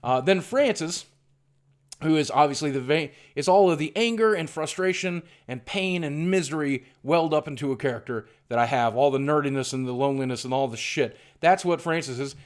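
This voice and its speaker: Middle aged guy rambling to his webcam, kinda high voice, self-deprecating, trips over his words a lot. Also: fairly quick. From southwestern Virginia. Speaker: YouTuber. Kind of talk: rambling vlog monologue.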